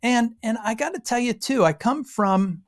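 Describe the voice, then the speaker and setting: A woman's voice: a little high, moderate pace. An American woman from Western Pennsylvania giving an informal Bible exposition, telling stories with frequent asides. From Western Pennsylvania, USA. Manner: animated storytelling with frequent asides. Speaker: Bible teacher.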